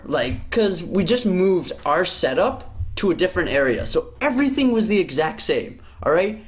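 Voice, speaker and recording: A podcast host with a high-sitting voice swears freely while telling a workplace story in casual conversation. He speaks at a normal speed with few pauses, and his storytelling is animated and profane.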